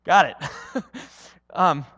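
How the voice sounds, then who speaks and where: A male preacher with a notably high voice delivers an earnest sermon. He tells stories and drives points home with repeated phrases. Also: animated, drawn-out words, pushed and bright, slightly rough, long reverb tail, highs cut off. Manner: earnest, storytelling, with rhetorical repetition.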